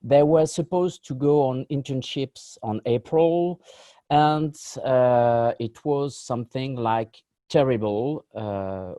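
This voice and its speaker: A man with a French accent giving a conference talk over a video call, halting and full of fillers. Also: mid-range voice, mellow, no echo. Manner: halting, many fillers, apologetic. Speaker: conference panelist.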